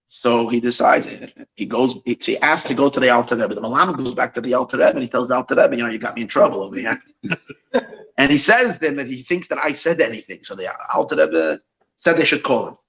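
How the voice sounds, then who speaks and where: Brief: rabbi storyteller, man, bright and lively delivery, restarts often, sprinkles in Yiddish. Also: mid-range voice, a little fast, lo-fi sound. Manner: animated, full of restarts, mixes in Yiddish phrases. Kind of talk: Chassidic storytelling at an evening gathering.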